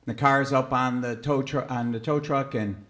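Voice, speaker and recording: A middle-aged man tells a personal story to a live audience in a museum hall. He speaks at a middle pitch, conversationally, with plenty of fillers and restarts. When he quotes his own shocked replies, his voice climbs sharply. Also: steady tone, normal speed, fairly bright tone. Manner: conversational, with many fillers and self-corrections; sharply raised pitch when quoting himself in disbelief. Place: museum event hall, on stage before an audience.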